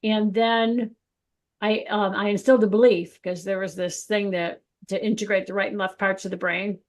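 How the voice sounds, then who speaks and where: A woman co-hosting a spiritual podcast in casual chat, telling stories with lively quoted voices. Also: mid-range voice, normal speed. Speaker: podcast co-host.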